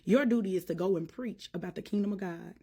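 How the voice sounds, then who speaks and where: A woman preaching to her followers in a fervent, informal church cadence, her voice climbing higher and louder as she gets worked up. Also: quick pace, slightly rough. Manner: fervent, rising in pitch and force as she preaches. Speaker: ministry vlogger. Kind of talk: preaching to camera.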